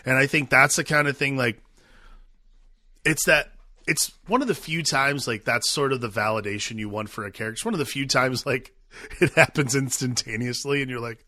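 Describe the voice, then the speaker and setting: A man's voice: mid-range voice, fairly even intonation, moderate pace, bright, forceful tone, dry recording, studio quality. A man co-hosting a podcast, analysing a film in a thoughtful, meandering way during a casual chat. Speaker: podcast co-host.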